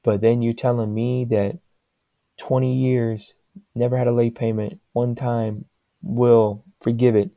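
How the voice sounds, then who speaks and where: A man's voice: mid-range voice, little pitch movement, a little slow, creaky, no room sound, narrow, tinny audio. A man giving his opinions in a casual, rambling monologue that wanders from point to point. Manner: rambling, digressive and plain-spoken.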